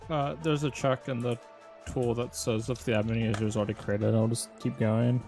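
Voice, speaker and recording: A man's voice: mid-range voice, steady tone, normal speed, a little mellow, faint music behind. A man joining a live hacking stream, speaking in a laid-back, hesitant way that often trails off. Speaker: co-host guest. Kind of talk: casual live-stream chat.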